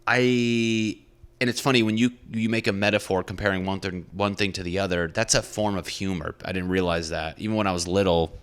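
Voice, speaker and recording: A man's voice: sits low, little pitch movement, brisk, smooth. A young man, a comedian hosting his own podcast, talking in a rambling, profane, self-reflective way. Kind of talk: casual solo podcast monologue.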